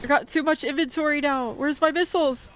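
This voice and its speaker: A woman streaming a video game, talking to her chat, excitable and swearing often. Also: sits high, fairly quick, slight background noise. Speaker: VTuber streamer. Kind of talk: gaming livestream chat.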